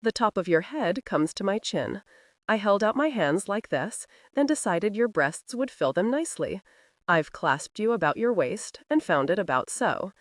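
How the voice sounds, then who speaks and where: A woman's voice: mid-range voice, very animated, moderate pace, dry recording, studio quality, natural voice. A woman voicing a suave male earl who teases in a drawling, mocking way, in a romance audiobook. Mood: amused.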